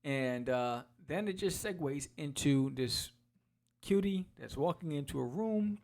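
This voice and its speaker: A man hosting a podcast, walking casually through a comic book and acting out its quotes in quick voices. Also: on the high side, animated, darkish tone. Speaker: podcast host.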